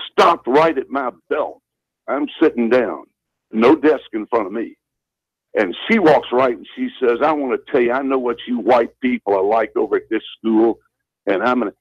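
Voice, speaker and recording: An older Southern man speaks in a husky, slightly rough voice, his pitch rising and falling in a lively way as he tells his story. He talks earnestly on a talk radio show and repeats phrases for emphasis. The sound is dry and muffled, like a lo-fi radio broadcast. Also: no room sound. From Southern United States. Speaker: radio show guest, former school principal.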